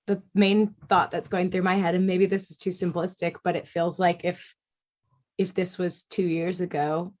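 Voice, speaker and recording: A woman co-hosting a podcast, reflective and conciliatory, laughing easily as she tries to calm a heated discussion. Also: fairly low pitch. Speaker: podcast co-host. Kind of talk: political discussion.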